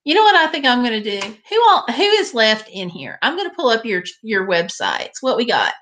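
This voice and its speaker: A woman's voice: a little high, wildly swooping pitch, normal speed, fairly bright tone. A woman hosting a live stream, chatting casually and directly with her viewers.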